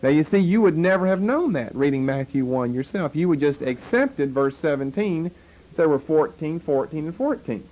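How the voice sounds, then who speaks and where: Man, bible teacher, fairly high voice, deliberate lecture, rhetorical questions. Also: animated, darkish tone, poor audio. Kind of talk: lecture on scripture.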